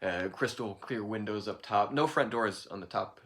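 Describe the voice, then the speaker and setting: A man telling a folk tale in an informal, improvised way, relaxed and correcting himself as he goes. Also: lowish voice, normal speed. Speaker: storyteller.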